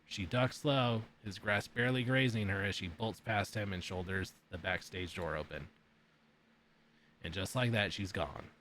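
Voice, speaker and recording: A man's voice: fairly low pitch, fairly bright tone, a little hiss or hum. A man streamer reading a visual novel's text aloud during a playthrough, breaking in with blunt sworn reactions.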